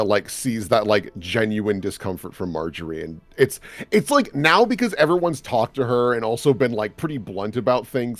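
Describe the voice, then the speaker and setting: A man running a tabletop game as game master, narrating casually with lots of fillers and laughs. His voice is low-pitched but swings widely and expressively, with faint music under it.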